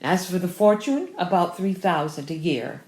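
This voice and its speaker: An eager, fussy young gentleman, brisk and a touch self-important as he hands out news, as a woman voices him. The reading sits low and lively in a roomy, echoing space. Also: lightly acted. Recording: roomy echo.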